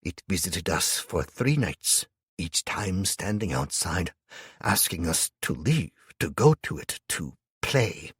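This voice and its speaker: A man voicing a gentle, sorrowful older imam in an audiobook, speaking slowly in hushed tones. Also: deep voice, sing-song, breathy edge, no room sound, clean studio sound, heavily acted.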